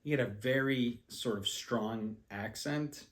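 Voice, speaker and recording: A man's voice: medium pitch, slow. A man casually telling a personal travel story, rambling with many ums and restarts, self-deprecating about his skills. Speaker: language learner.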